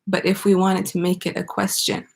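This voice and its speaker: A woman teaching an online English grammar lesson, explaining step by step and pausing for student answers. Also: on the low side, completely flat delivery, creaky, a little hiss or hum.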